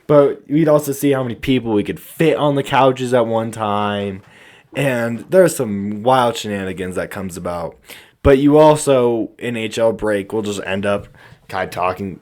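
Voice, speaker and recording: A man's voice: fairly low pitch, normal speed. A man co-hosting a podcast, telling school stories in casual chat and acting out what people said. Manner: animated storyteller, acts out quotes. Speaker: podcast co-host.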